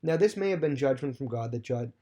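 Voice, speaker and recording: A man's voice: medium pitch, animated, a little fast, warm tone. A man teaching a Bible lesson, retelling the story loosely with many fillers and restarts.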